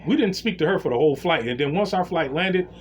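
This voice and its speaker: A man's voice: on the high side, fast talker, slightly rough. A man with a slightly raised voice tells a story in a casual vlog rant. He talks bluntly and with slang, and he acts out the exchanges as he tells them. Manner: blunt, slangy, animated retelling. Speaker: vlogger telling a story.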